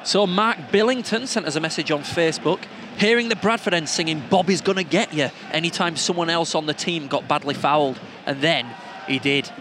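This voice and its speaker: A man's voice: a little high, fairly quick, few pauses, noisy background. A man co-hosting a football podcast from the stadium stands, chatting wryly and reading out listener messages. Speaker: podcast co-host.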